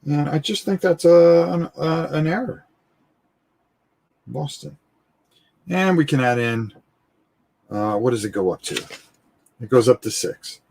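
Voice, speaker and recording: A man with a husky, slightly rough voice talks through a board game at his table. He hosts a live stream, explains the rules in a loose, chatty way and thinks aloud as he goes. He keeps saying "all right" and often repeats words. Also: on the high side, measured pace, pauses often, darkish tone. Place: indoors at a gaming table, filmed from overhead.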